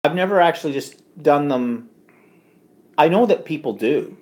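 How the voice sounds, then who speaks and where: A man's voice: a little high, animated, normal speed, a little mellow. Man, live-stream co-host at home, chatty, reads viewer comments, casual. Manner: chatty, reads comments aloud, frequent ums.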